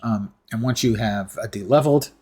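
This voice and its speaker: A man's voice: mid-range voice, normal speed, darkish tone, husky. A man live-streaming a game, chatting in a rambling, self-deprecating way. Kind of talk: live gameplay commentary.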